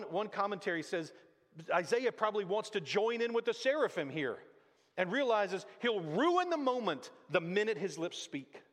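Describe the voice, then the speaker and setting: A man's voice: sits high, a bit bright. Conversational preaching man, echoing hall. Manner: conversational preaching with acted-out quotes. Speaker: pastor. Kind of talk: sermon. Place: church sanctuary. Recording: church hall reverb.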